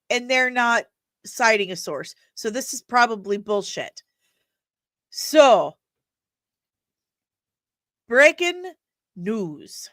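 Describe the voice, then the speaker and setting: A woman hosting a casual live stream of nerd news, chatting with the audience in an animated way and laughing often. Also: a little high, slow pace, pauses often, dry recording.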